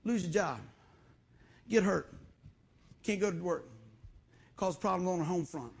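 A middle-aged man preaching a sermon as pastor, in a folksy, animated storytelling way. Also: high-pitched, unhurried, creaky, breathy edge.

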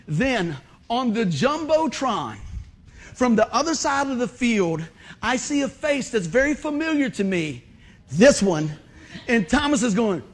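A middle-aged pastor, speaking in a notably high voice. His sermon is folksy and conversational, full of jokes for the congregation and animated, shouted retellings of stories. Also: normal speed. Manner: animated storytelling, acts out shouts and exclamations.

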